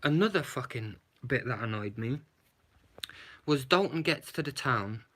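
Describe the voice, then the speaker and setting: A man's voice: mid-range voice, animated, measured pace, fairly bright tone. A man giving a blunt, sarcastic movie review, swearing and adding "yeah?" to his points. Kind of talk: casual movie review rant.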